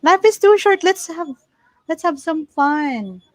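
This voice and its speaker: A woman's voice: very high-pitched, expressive, slow pace, dry recording, low-quality recording. A chatty, giggly woman with a Filipino accent, hosting a casual livestream and reading out viewer comments. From Philippines. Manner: chatty, giggly, code-switching. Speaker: livestream host.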